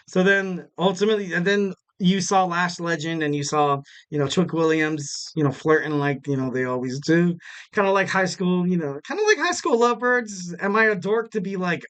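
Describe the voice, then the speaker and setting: With a high-sitting, clean, fairly bright voice and lively intonation, a young podcast host goes over wrestling at a moderate pace. His recap is casual and meandering, packed with fillers, self-corrections and self-mocking jokes.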